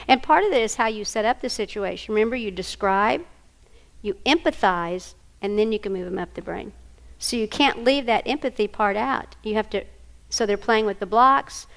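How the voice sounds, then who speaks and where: A woman's voice: medium pitch, moderate pace. An older woman with a Southern American accent giving a workshop talk, telling family stories and acting out the voices in them. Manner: animated, acts out voices in her stories. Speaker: workshop speaker. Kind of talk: storytelling lecture.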